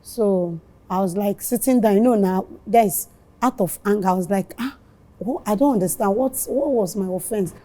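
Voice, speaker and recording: A woman with a Nigerian accent recounting an incident as a mother being interviewed, animated and tearful, acting out the dialogue. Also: mid-range voice, fairly quick. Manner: animated, reenacts dialogue in Pidgin.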